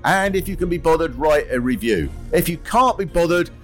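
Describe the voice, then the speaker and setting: A man's voice: fairly high pitch, expressive, brisk, faint music behind. A middle-aged man hosting a comedy podcast, telling stories in a chatty way and acting out funny quoted voices. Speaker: podcast host. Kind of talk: comic storytelling chat.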